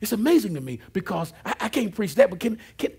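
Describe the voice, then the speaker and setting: A man preaching a sermon, telling the story with lively asides. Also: high-pitched, fast talker, vocal fry, slightly rough. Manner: animated storytelling with asides and laughs. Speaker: pastor.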